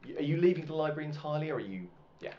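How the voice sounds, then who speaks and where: A man narrating a tabletop game as game master in a relaxed, rambling way. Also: a little high, rapid-fire, slight background noise. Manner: relaxed, rambling with many fillers. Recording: muffled, with faint music.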